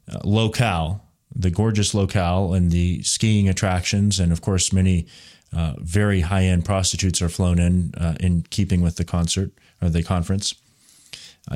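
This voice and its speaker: Male podcast host, very low voice, rambling off-the-cuff commentary. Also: darkish tone. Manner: rambling, frequent restarts and filler. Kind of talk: solo political commentary.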